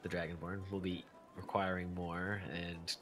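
A man's voice: sits low, little pitch movement, moderate pace, fairly bright tone. A man playing a tabletop game, speaking in a dry, hesitant way. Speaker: player. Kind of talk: tabletop role-play.

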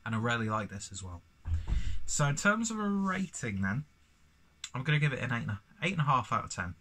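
A man's voice: mid-range voice, very animated, fairly quick, pushed and bright, a little hiss or hum. A man, casually reviewing a beer in a rambling, sweary vlog full of self-mocking asides.

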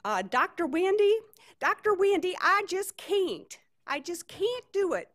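A woman voicing a flustered Southern woman gardener with a shrill, high voice and a Southern accent. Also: sing-song, unhurried, fairly bright tone, heavily acted. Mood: distressed.

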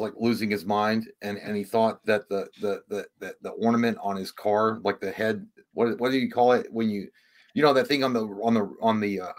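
A man co-hosting a casual livestream, rambling and halting, with frequent restarts as he searches for words. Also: fairly low pitch. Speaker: podcast co-host.

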